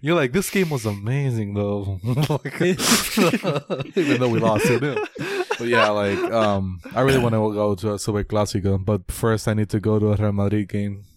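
A man chatting casually about soccer, laughing often and breaking into high exclamations. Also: steady tone, normal speed. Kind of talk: casual chat.

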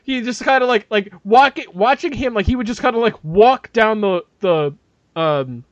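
A man with a high voice tells a story with animated energy, swearing freely and laughing mid-sentence. His voice is recorded dry and close, with no room sound. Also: normal speed, no echo, highs cut off. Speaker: podcast co-host. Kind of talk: casual comedic storytelling.

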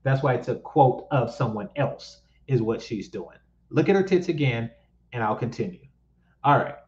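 A commentary host from East Oakland, California, rants while reacting to clips, blunt and mocking, repeating his points for emphasis. His medium-pitched voice is expressive and a little mellow, at normal speed, and the audio has its highs cut off.

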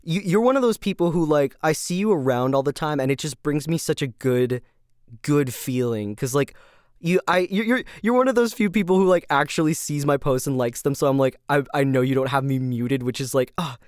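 A fairly high, smooth male voice spills over with excitement in a casual podcast ramble. He gushes, laughs often and piles up fillers and restarts. The sound is dry and close. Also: fairly quick, no room sound. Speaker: podcast host.

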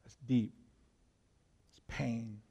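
A male pastor preaching an impassioned sermon, swinging between loud, urgent lines and hushed ones. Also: mid-range voice, flat delivery, drawn-out words, vocal fry, husky, long reverb tail, highs cut off.

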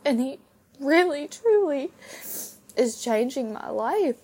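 A young woman speaks slowly and tenderly, sharing her faith story as a podcast host. Her voice is tearful from crying, and she talks haltingly with soft laughs. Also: sits high, very animated. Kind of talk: personal faith testimony.

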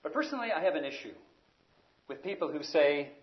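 A man's voice: medium pitch, fast talker, highs cut off. A man preaching an expository sermon, teaching emphatically and raising his voice on key words.

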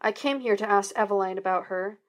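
A woman's voice: medium pitch, a little fast, close to an everyday voice. A woman reading the lines of a stern male police detective who speaks curtly. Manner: curt, barking.

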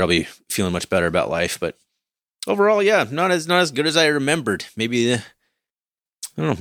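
A laid-back man co-hosting a podcast, with a fairly low voice. He rambles easily and chuckles often, recorded close and dry with no room sound. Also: fairly bright tone, dry recording. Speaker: podcast co-host. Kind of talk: casual podcast chat.

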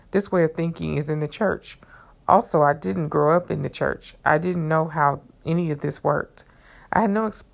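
A woman podcast host reading a devotional book aloud in an earnest, measured way, then adding her own comments. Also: low voice, creaky.

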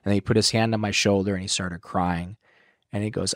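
A man's voice: low-pitched, fairly quick, no room sound. Man telling a story, dry close mic. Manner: animated, swears often, acts out quotes loudly. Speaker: podcast guest. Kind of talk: casual storytelling.

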